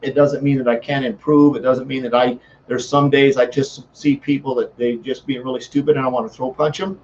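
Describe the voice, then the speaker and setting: A man's voice: medium pitch, little pitch movement, brisk, darkish tone, lo-fi sound, slight background noise. A man giving a motivational talk as a sales coach, fervent and repetitive, often restarting his sentences.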